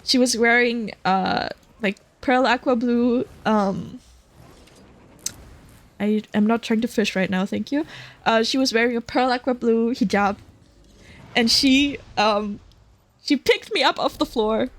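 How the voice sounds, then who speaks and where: A woman's voice: fairly high pitch, unhurried, long pauses. A woman streamer chatting casually while she plays a game, giggling a lot between lots of fillers. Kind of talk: casual chat while gaming.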